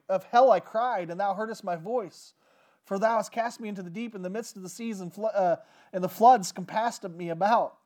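A man with a fairly high speaking voice delivers a sermon, reading scripture and then retelling it in casual, slangy terms. His voice rises and falls in pitch and loudness as he tells the story. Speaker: preacher.

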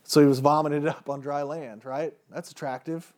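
A man with a fairly high speaking voice delivers a sermon, reading scripture and then retelling it in casual, slangy terms. His voice rises and falls in pitch and loudness as he tells the story. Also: fairly even intonation, moderate pace. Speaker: preacher.

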